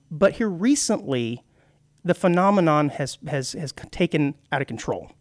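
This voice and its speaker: A man's voice: fairly high pitch, a little mellow, dry recording, studio quality. A man co-hosting a radio show, explaining at length in casual chat with many restarts. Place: radio studio.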